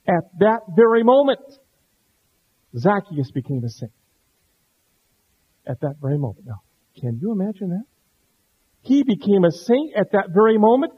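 A middle-aged man preaching a sermon, earnest, dropping to a hush and then rising to stress a point. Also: high-pitched, slightly rough. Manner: earnest, swings between hushed and emphatic. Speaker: pastor. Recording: dull lo-fi sound.

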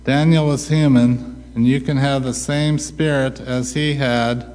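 A man preaching a sermon, asking rhetorical questions and answering them himself with a slow, deliberate delivery. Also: medium pitch, fairly even intonation, darkish tone. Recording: long hall reverb.

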